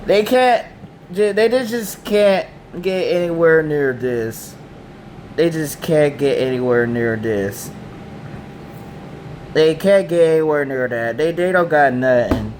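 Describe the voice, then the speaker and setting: A man's voice: fairly high pitch, slow, a little mellow, a little hiss or hum. A man with damaged vocal cords, ranting in a rambling, repetitive, slangy way. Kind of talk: casual rant to camera.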